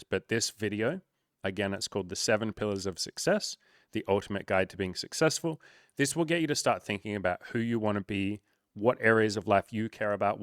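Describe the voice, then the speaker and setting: A man's voice: fairly low pitch, fairly bright tone, no room sound, clean studio sound. A man working as a life coach, answering viewer comments to the camera in a blunt, profane, emphatic pep-talk manner.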